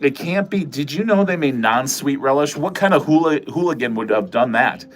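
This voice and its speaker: A man's voice: on the high side, expressive, normal speed. Rambling, joking man streaming live from home. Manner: rambling, self-mocking, joking and profane. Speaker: livestream host. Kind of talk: casual livestream chat with viewers. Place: corner of a home filming room.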